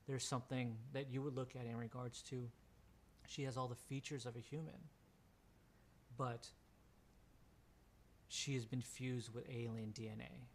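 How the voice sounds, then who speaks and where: A man's voice: mid-range voice, little pitch movement, measured pace, long pauses, slight background noise. A man acting as game master, describing scenes in a tabletop game over voice chat, with a lot of filler words.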